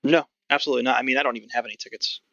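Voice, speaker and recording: A shifty carnival ticket scalper who denies everything and tells people to go away, as a man plays him. The voice is pushed higher and bright, with a gravelly edge. The audio is dry and dull. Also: fairly even intonation, racing. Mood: dismissive. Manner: denying, dismissive.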